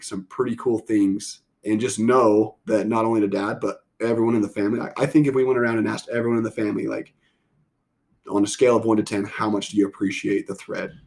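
A man's voice: lowish voice, steady tone, a little fast, a little mellow. A man hosting a family podcast, chatting casually and rambling with lots of fillers. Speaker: podcast host. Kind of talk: casual chat.

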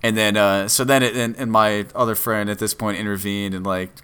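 Young man, bright forceful voice, casual storytelling, animated, laughs a lot. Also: lowish voice, a little fast, clean tone. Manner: animated, laughs often, acts out quotes. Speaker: podcast guest telling a story.

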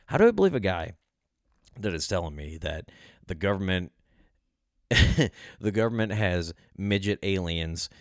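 A man's voice: fairly low pitch, no room sound, clean studio sound. A man hosting a podcast, ranting casually with heavy profanity, rambling and breaking into laughter. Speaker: podcast host. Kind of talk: casual comedic rant.

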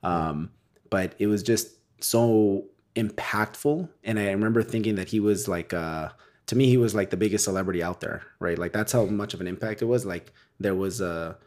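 A man's voice: on the low side, moderate pace. Rambling man chatting as a guest. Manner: rambling, animated storytelling with frequent tag questions. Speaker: podcast guest, real estate wholesaler. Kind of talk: casual interview chat.

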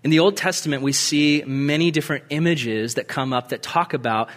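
A man preaching a sermon in an animated, conversational way with casual asides. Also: on the high side, brisk. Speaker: pastor.

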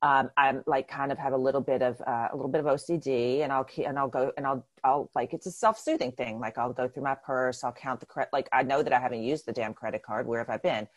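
Low-voiced fast-talking woman. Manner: animated, self-deprecating, with restarts. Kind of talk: casual chat.

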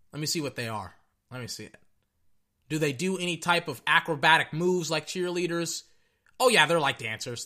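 A young man giving casual, rambling reaction commentary on a football game, excitable and tripping over his words. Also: fairly high pitch. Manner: excitable, rambling, stutters and repeats himself.

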